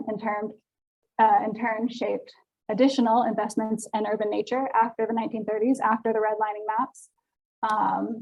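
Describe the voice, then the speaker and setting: A woman's voice: a little high, darkish tone, low-quality recording. A woman giving an academic seminar talk, explaining research carefully with frequent ums, her voice sounding tired. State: voice getting tired. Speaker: seminar speaker.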